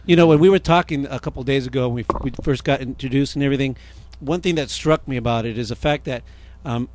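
A man hosting a casual radio interview, loud and joking, rambling with many restarts. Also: medium pitch, fast talker, no room sound. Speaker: radio show host.

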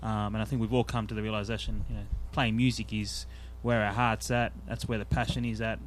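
A man's voice: on the low side, flat delivery, a little fast, soft background music. A man from Australia, a musician guest, speaking earnestly and reflectively in a casual interview.

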